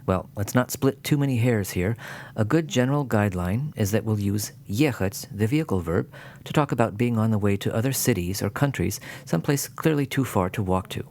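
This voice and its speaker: Male teacher, lowish voice, clear scripted lesson narration, dry humor. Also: animated, brisk, a little mellow. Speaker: language teacher.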